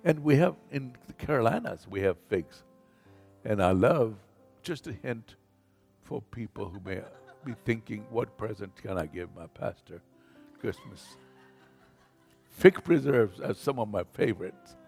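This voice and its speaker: A male pastor preaches at an unhurried, deliberate pace, swelling in volume whenever he quotes scripture and calling the congregation to repeat after him. His voice carries a long reverb in a church sanctuary. Soft instrumental music plays underneath. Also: on the low side, lively intonation, gravelly, husky. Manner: preaching with call-and-response to the congregation; slow, emphatic delivery with rising volume on scripture. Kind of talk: sermon. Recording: reverberant hall with faint music.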